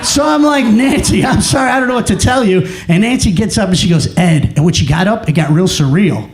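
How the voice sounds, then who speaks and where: A man doing a stand-up comedy set on a club stage, telling a story with acted-out dialogue and shouted punchlines. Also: high-pitched, expressive, fairly quick, roomy sound.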